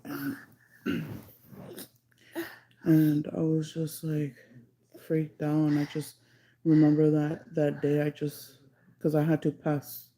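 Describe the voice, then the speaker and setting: A deep, dark female voice with a completely flat delivery tells a rambling, casual story on a livestream, heard on a low-quality recording. She uses "like" heavily, slides into Spanish, and slows way down on certain phrases to stress them.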